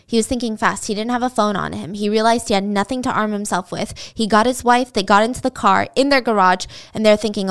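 A woman's voice: mid-range voice, fast talker, hardly any pauses, smooth. A woman retelling a true-crime story in a casual, dramatic way, with chatty asides to the listener.

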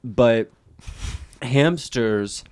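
A man's voice: mid-range voice, extremely slow, darkish tone, smooth. A man co-hosting a podcast, rambling and swearing freely in casual chat. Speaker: podcast co-host.

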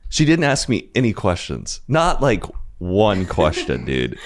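A man's voice: on the low side, wildly swooping pitch, a little slow. A young man telling stories as a podcast guest in a laid-back, rambling way. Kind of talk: casual storytelling.

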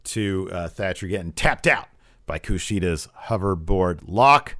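A man co-hosting a casual chat, recapping events and retelling scenes in lively quoted voices. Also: deep voice, measured pace, no room sound, clean studio sound. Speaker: podcast co-host recapping wrestling.

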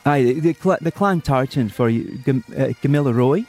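A man's voice: mid-range voice, expressive, normal speed, darkish tone, faint music behind. A man putting on a Scottish accent to play an earnest, polite council man, speaking hesitantly with many fillers. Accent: Scottish put-on. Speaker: radio host doing a prank call.

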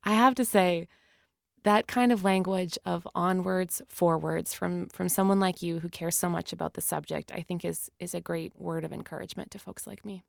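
A woman's voice: fairly low pitch, steady tone, moderate pace, creaky, dry recording, studio quality. A woman hosting a podcast who talks in a reflective, wry way and laughs easily. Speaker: podcast host. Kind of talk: interview chat and reflective narration.

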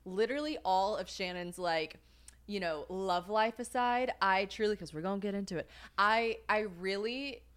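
A woman's voice: medium pitch, moderate pace, fairly bright tone, clear, resonant tone. A young woman co-hosting a podcast in casual chat, rambling, swearing freely and laughing often. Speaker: podcast co-host.

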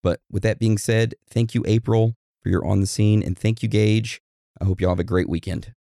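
A man's voice: lowish voice, steady tone, moderate pace, vocal fry, mellow, no room sound, clean studio sound. A man co-hosting a podcast in casual chat, laid-back and joking. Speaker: podcast co-host.

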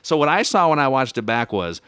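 A man chatting casually as a podcast guest, joking and telling animated stories. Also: medium pitch, brisk, clean tone, dry recording. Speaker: podcast guest, sports media personality. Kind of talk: casual chat.

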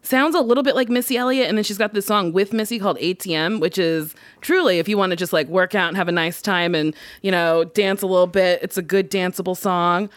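A woman's voice: lowish voice, a little fast, hardly any pauses, no room sound. A woman comedian guesting on a podcast, chatting in a blunt, joking, profane way. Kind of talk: casual chat.

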